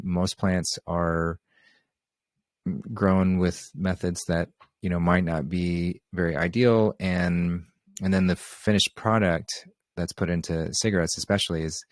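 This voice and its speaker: A man's voice: sits low, no echo, studio quality. A man hosting an open question session on a group video call, talking in an easygoing, rambling way with many fillers. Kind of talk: casual spiritual talk on a group call.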